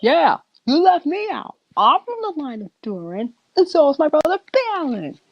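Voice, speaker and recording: A proud, boastful dwarf warrior, as a woman puts him on, pitched well above her own voice and eager to claim his lineage. The recording is dull and lo-fi. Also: big pitch swings, moderate pace.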